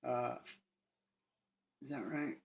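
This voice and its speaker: Middle-aged man, gravelly, telling his life testimony earnestly, halting, near tears. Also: medium pitch, steady tone. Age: 50s. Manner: earnest, halting, with restarts and pauses. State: moved to tears at times. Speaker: sharing a personal testimony. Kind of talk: emotional first-person testimony.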